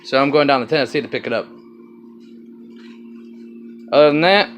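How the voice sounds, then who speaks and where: A man's voice: mid-range voice, moderate pace, pauses often, a bit bright, highs cut off, faint music behind. Rambling man with a slight Southern twang. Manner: rambling, casual, swears offhandedly. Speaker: vlogger showing his car project. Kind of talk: casual walkaround vlog.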